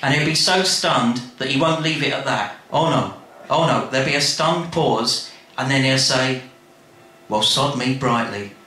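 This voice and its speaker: A man telling a comic story in a chatty, animated way, speaking straight to the listener. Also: medium pitch, normal speed. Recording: very echoey room, faint noise.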